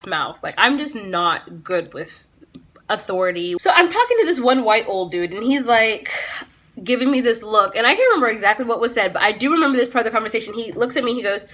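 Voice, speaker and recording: A teenage girl telling a storytime on her vlog in a bright, crisp, slightly high voice. She is blunt and sassy, swears freely, and breaks off into quick self-aware asides. The delivery is casual and chatty throughout. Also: expressive. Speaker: vlogger.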